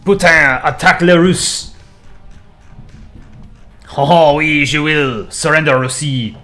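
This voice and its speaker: A man's voice: on the high side, slow pace, sharp tone, faint music behind. A man voicing a boastful male France countryball with a put-on French accent and broken English peppered with French words. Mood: taunting.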